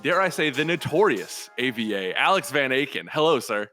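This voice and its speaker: A man's voice: medium pitch, very animated, normal speed, sharp tone, faint music behind. A man hosting a casual video game podcast in an easygoing, lightly joking way. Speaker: podcast host.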